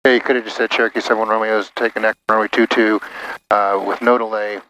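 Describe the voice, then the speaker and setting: A man who is a pilot, making brisk radio calls and chatting in a small plane's cockpit over a headset. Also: lowish voice, flat delivery, pushed and bright, slight background noise, poor audio.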